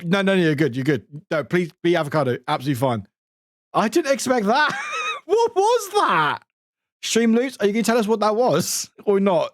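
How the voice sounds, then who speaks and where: Excitable high-voiced British man streaming. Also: no room sound, studio quality. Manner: excitable, laughs often, swears, bursts into high shouts. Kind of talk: casual live-stream chat while playing.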